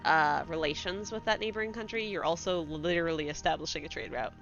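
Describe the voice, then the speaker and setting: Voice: mid-range voice, fast, fairly bright tone, dull audio, faint music behind. A game master narrating a tabletop game in a chatty way, explaining the rules to the players.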